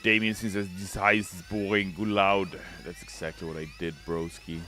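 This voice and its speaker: A man streaming, casually reading viewer messages aloud in a loud, playful, chatty way. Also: low voice, level tone, normal speed, over music. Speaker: game community streamer. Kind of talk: casual livestream chat.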